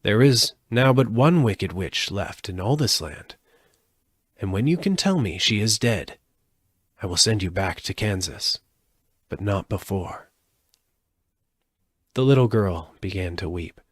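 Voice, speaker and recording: A man reading a storybook aloud live, expressive, with occasional slips and restarts. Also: fairly low pitch, a little slow, pauses often, breathy edge, dry recording, clean studio sound. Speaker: audiobook reader.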